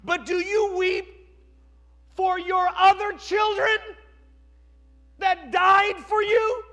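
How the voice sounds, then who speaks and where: A man voicing a stern older royal counselor who scolds a king, shouting slowly. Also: very high voice, flat delivery, voice pushed up, heavily acted. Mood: scolding. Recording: long hall reverb.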